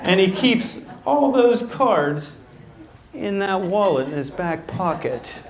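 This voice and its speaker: A male stand-up comedian with a fairly high voice, working a nightclub crowd through a handheld mic. He tells wry family stories and drops deadpan asides. Laughter from the audience rolls around him. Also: slow. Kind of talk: stand-up routine. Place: nightclub stage before a live audience. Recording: live club with audience laughter.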